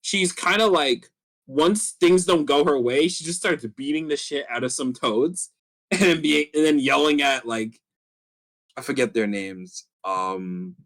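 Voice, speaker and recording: A man's voice: fairly high pitch, a little slow, a bit bright. A man co-hosting a casual podcast, rambling through his thoughts with lots of fillers. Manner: rambling, many fillers, acts out character lines. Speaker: podcast co-host. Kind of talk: casual chat.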